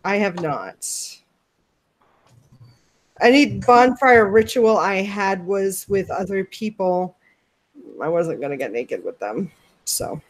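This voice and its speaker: A woman from the United States hosting a casual question-and-answer chat, rambling and relaxed. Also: mid-range voice, takes it slowly, pauses often. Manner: rambling, lots of fillers, relaxed. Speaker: host.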